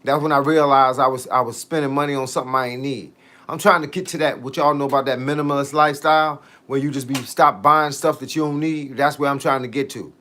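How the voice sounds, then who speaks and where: A man's voice: mid-range voice, fairly even intonation, bright, forceful tone. Laid-back man hosting a fitness livestream. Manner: laid-back slangy talk, drawn-out tangents. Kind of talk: casual livestream chat answering viewer comments.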